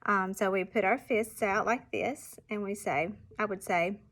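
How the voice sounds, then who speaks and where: A woman primary school teacher explaining reading exercises to parents, patiently sounding out example words with clear emphasis. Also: mid-range voice, a little slow, fairly bright tone.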